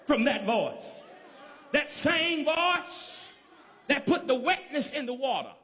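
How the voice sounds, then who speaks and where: High-voiced shouting Southern preacher. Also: male voice, long reverb tail. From Georgia, US. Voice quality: high, lively voice, often shouting. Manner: rhythmic, repetitive preaching cadence, calls to the congregation. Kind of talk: sermon.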